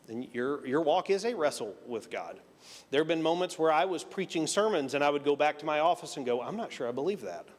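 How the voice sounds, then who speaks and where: A middle-aged Texan man preaching a conversational sermon, telling a personal story and acting out the dialogue with self-deprecating humor. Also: on the high side. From Texas. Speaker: pastor. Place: church sanctuary. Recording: church hall reverb.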